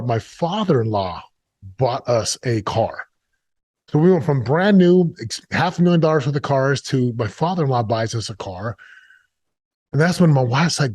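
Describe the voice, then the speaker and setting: A man's voice: medium pitch, expressive, normal speed, darkish tone, dry recording. Middle-aged male guest, confessional storyteller, repeats himself in bursts, dry close mic. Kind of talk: emotional storytelling interview.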